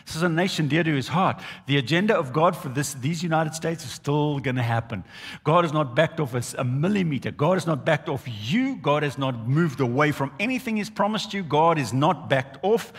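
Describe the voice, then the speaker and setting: A male pastor preaching a sermon, emphatic and animated, driving points home with repeated phrases. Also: on the high side, breathy edge, long reverb tail.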